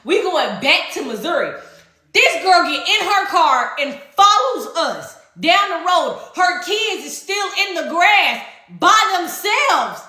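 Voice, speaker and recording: A woman tells a personal story in a lively, profane storytime style, often laughing through her words. Her voice sits high and bounces across a wide range. The recording rings with heavy room echo. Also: slow pace. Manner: animated, profane, laughs while telling. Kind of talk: casual storytime. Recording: echoey room.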